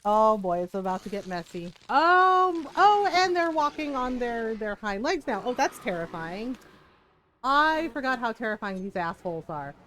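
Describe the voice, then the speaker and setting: A woman gaming streamer giving animated, laughing commentary and swearing freely. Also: on the high side, normal speed, a little hiss or hum.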